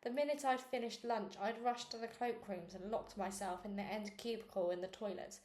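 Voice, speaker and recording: A woman's voice: fairly even intonation, moderate pace, darkish tone. Woman reading a children's book aloud. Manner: reads with small slips and restarts, lifts pitch for quoted girls. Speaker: reader. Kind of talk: read-aloud book narration. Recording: echoey room with faint noise.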